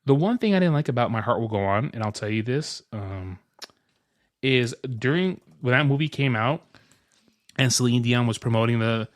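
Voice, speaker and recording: A man co-hosts a podcast with a mid-range, animated voice at a moderate pace, chatting casually and often joking and laughing. The recording is clean studio sound with no echo.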